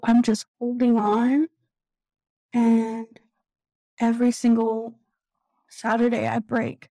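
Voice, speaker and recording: A woman in her thirties, a guest candidly telling a painful personal story in a halting, emotional way, close to tears. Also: fairly high pitch, warm tone, dry recording, rough recording. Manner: candid, halting, tearful at times. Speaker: guest sharing recovery story.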